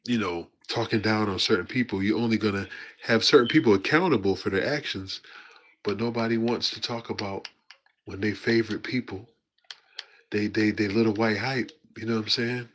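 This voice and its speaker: A man's voice: fairly low pitch, moderate pace, fairly bright tone. A man hosting his own livestream, commenting in a laid-back, slangy way with lots of fillers. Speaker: livestream host.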